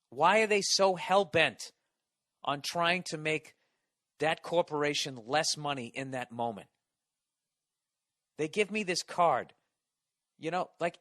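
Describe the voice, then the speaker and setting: A man rants through a comedic podcast monologue, swearing freely and tripping over restarts as his exasperation builds. His voice is bright and forceful, pitched a bit high. The sound is dry and close. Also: dry recording. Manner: profane, exasperated ranting with restarts. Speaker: podcast host. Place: Los Angeles.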